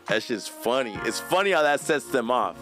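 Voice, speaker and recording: A man hosting a late-night livestream, telling a story in an animated, slangy way and laughing often. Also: mid-range voice, normal speed, over loud music. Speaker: livestream host. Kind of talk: casual storytelling rant.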